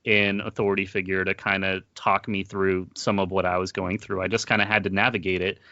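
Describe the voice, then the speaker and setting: A man hosting an interview, talking earnestly in a casual, halting way with many fillers and restarts. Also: low-pitched, flat delivery, bright, forceful tone, no room sound, lo-fi sound. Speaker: podcast host.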